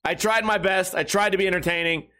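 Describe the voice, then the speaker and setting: A man hosting his own podcast, hoarse and with a failing voice, grumbling and cursing his way through a casual rant. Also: high-pitched, fast, sharp tone. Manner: profane, grumbling, self-deprecating. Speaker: podcast host.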